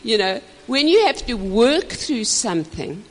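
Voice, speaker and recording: An older woman, a minister teaching couples, talking in an expressive, passionate way and laughing often. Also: fairly high pitch, unhurried. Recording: reverberant hall.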